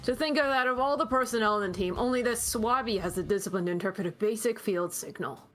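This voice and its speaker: A woman's voice: fairly high pitch, quick pace, a bit bright, soft background music, lightly acted. A woman voicing a strict, impatient female military commander who scolds in a clipped, commanding way, as fan voice acting of a game script. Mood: scolding.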